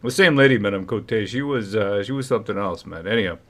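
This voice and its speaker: A man's voice: lowish voice, lively intonation, fast. A man from Quebec hosting a casual livestream chat, laughing often, telling a story in silly voices and reading chat comments aloud. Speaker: livestream host.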